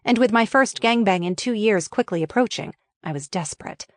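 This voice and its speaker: A woman reads her own memoir as an audiobook, frank and wryly candid, in a mid-range voice with lively intonation and a brisk pace. She's recorded close on a studio mic in a dry, dead booth with no room sound.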